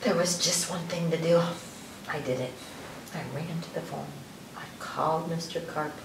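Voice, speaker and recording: A woman reading a picture book aloud for a library story time, expressive and with chatty asides. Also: low voice, moderate pace, gravelly. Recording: roomy, distant mic, faint hiss.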